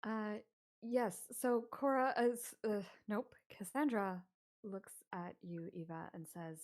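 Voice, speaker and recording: A woman's voice: medium pitch, slow. A woman running a tabletop game over a voice call, giggling often between lines. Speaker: game master.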